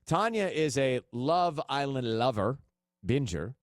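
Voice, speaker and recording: A man's voice: mid-range voice, unhurried, dry recording. A man hosting a radio show, teasing his co-hosts and steering a studio chat. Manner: lively, teasing, steering the conversation. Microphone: studio microphone.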